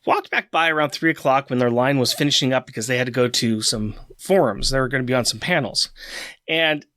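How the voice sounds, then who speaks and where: Excited, animated podcast co-host, male. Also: mid-range voice, brisk, no room sound. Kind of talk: casual chat.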